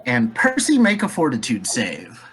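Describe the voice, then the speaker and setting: Animated, unhurried game master. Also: medium pitch, creaky. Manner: describes scenes and calls for rolls. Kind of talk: narrating a tabletop game.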